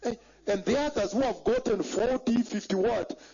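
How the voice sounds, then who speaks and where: A man's voice: very high-pitched, normal speed, creaky, mellow. A man preaching a sermon in an emphatic way, repeating phrases and checking that the congregation follows. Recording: dull lo-fi recording.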